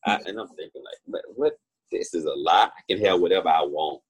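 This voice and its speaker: Young man in his 20s, deep and a bit raspy, heartfelt testimony guest. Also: quick pace. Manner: earnest, heartfelt, repeats himself often. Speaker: interview guest. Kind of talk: personal testimony in conversation.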